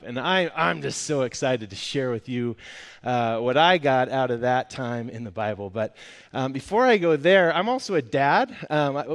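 A man in his thirties giving a sermon as a guest speaker, telling a personal story with lively energy and a voice that rises high in the acted-out moments.

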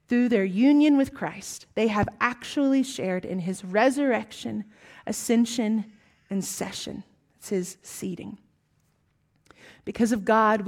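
A woman with a Southern US accent preaching a sermon, with emphatic rising lines and hushed, whispered asides. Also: medium pitch.

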